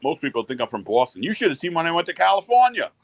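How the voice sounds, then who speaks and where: A man's voice: on the high side, sing-song, racing, dry recording. A man with a Rhode Island accent in a casual group chat, joking around and swearing freely. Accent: Rhode Island, New England.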